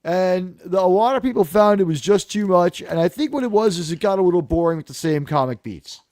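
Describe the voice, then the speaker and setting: A man's voice: high voice, animated, fairly quick, darkish tone, no room sound, studio quality. A man hosting a live talk show, rambling through casual, sarcastic, profane commentary.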